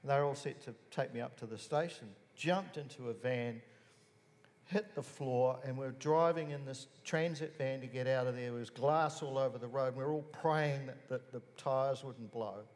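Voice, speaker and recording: A man's voice: mid-range voice, a little mellow. A middle-aged man with a New Zealand accent recalling events earnestly on a discussion panel, with frequent restarts. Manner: earnest, halting, with many restarts. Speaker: musician on a panel. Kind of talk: panel discussion, personal recollection. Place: museum hall. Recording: reverberant hall, faint background hiss.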